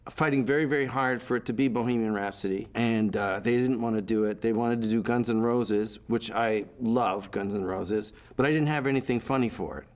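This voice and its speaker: A man recalling his film career in an interview, telling animated stories with quoted voices. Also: medium pitch. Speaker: actor being interviewed. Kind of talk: anecdotal interview storytelling.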